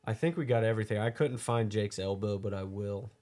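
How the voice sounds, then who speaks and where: Low-voiced easygoing male podcast co-host. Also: fairly quick, dark tone. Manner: teasing, easygoing. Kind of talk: casual chat.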